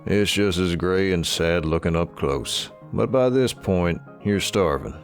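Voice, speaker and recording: The narration of a Western game, telling the story in the second person with a measured pace. His voice is very deep, with faint music behind.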